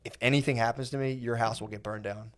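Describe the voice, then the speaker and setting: A young man telling a profane, animated comedy story on a podcast, acting out the quoted lines. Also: mid-range voice, fast talker. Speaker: podcast guest.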